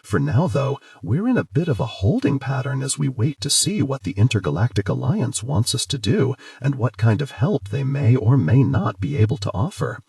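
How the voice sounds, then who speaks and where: A man narrating a romance audiobook in first person, playful and expressive. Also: mid-range voice, moderate pace, creaky, few pauses, no room sound.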